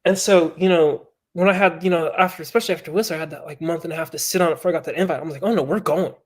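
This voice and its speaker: Talking very fast in a fairly high voice, a man who rides mountain bikes professionally spins a casual, swear-filled story. He's animated throughout and acts out each quote.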